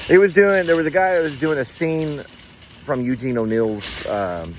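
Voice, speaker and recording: A man's voice: on the high side, moderate pace, a little hiss or hum. A man hosting a casual vlog, telling a rambling, digressive story full of fillers and restarts, recorded in a car. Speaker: vlog host.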